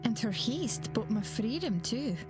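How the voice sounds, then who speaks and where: An actress playing a gentle woman with second sight in a video game, soft, measured and earnest, over game music. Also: a little high, very animated.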